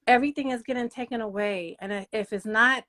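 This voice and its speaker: A woman hosting her own channel, speaking slowly in a halting, emotional monologue full of fillers and restarts. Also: a little high, fairly bright tone. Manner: halting, repetitive, many fillers. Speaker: channel host.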